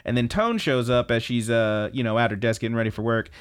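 A man co-hosting a podcast, recapping anime episodes in casual chat, animated and swearing freely. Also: medium pitch, fast talker, clear, resonant tone. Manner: animated, profane, laughing storyteller. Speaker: podcast co-host.

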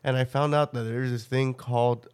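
A man's voice: medium pitch, steady tone, normal speed, clean tone. Laughing, rambling male podcast co-host. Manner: rambling profane storytelling, laughs often. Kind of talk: casual chat.

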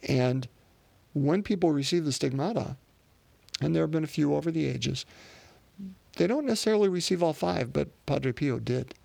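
A man's voice: on the high side, lively intonation, moderate pace, gravelly, pauses often, warm tone, no echo. A man preaching a sermon off the cuff, with plenty of fillers and restarts. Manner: unscripted, many fillers and restarts.

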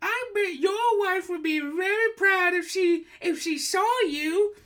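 A shrill, gushing old fortune-teller lady, put on by a man in a high falsetto. She is flamboyant and theatrical, fawning and carried away. It is a comedy podcast skit. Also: takes it slowly, sharp tone, full character voice. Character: flamboyant older female psychic from Eastern Europe.

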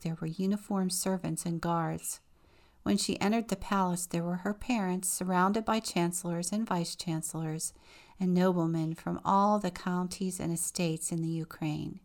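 A woman deacon reading a children's picture book aloud, with slow, expressive storytelling. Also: lowish voice.

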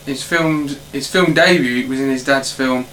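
A man hosting a casual film podcast, reading out facts in a halting way with many fillers. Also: medium pitch, fairly bright tone, a little hiss or hum, low-quality recording. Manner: halting, filler-heavy delivery. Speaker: podcast host.

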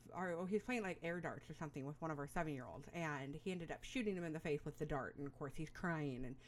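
A woman's voice: sits low, fast, a little hiss or hum. A middle-aged woman giving parenting advice in a casual monologue, rambling and chatty, with frequent fillers and small laughs.

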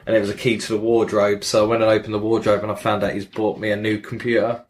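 Rambling man with a low voice. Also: quick pace. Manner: rambling, animated retelling with fillers. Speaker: podcast host. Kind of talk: casual chat recapping a game.

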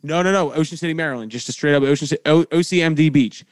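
A young man, hosting a podcast and telling profane, animated stories in casual chat. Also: on the high side, very fast, no echo. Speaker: podcast host.

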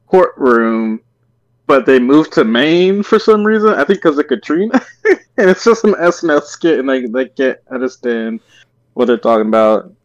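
A man's voice: on the high side, muffled recording. A man co-hosting a casual podcast, telling stories loosely and laughing often. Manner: loose, laughing storytelling with many fillers. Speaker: podcast co-host.

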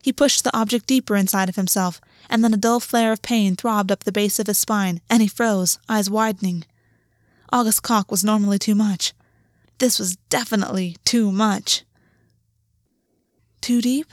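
A woman reads a story aloud in a steady, measured voice. Her pitch sits in a middle register. The recording is dry and close, with no room echo. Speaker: audiobook narrator. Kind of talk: scripted story narration.

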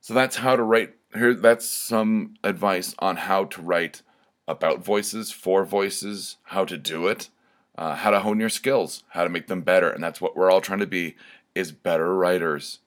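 A man's voice: low-pitched, fairly even intonation, a little slow. A man hosting his own podcast, talking casually and rambling with frequent ums as he thinks aloud. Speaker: podcast host. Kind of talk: casual solo podcast talk.

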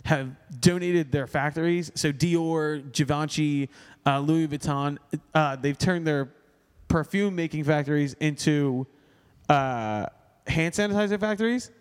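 Animated slangy young man, reverby. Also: on the high side, measured pace, clear, resonant tone. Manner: animated, slangy, laughing often. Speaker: podcast host. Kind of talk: casual chat.

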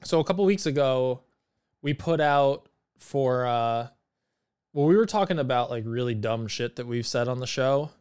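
A man's voice: medium pitch, animated, moderate pace, a little mellow, clean tone, no room sound, clean studio sound. A man co-hosting a podcast in casual chat, joking and sarcastic. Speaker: podcast co-host.

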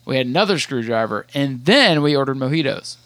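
A man's voice: medium pitch, lively intonation, a little fast, a bit bright. A man in his thirties, a podcast co-host telling a long rambling story in casual chat, with many restarts.

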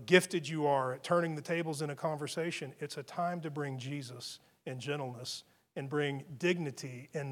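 Male pastor, chatty sermon delivery, voice a touch on the higher side, restarts phrases often. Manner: conversational storytelling, frequent restarts.

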